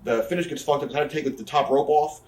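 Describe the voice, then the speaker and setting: This guest, a man in his thirties, tells profane tales at a rapid clip during a casual shoot interview, mimicking the people in them. His pitch is fairly high, his intonation fairly even, his tone a little mellow. He's off-mic and far away, with roomy echo.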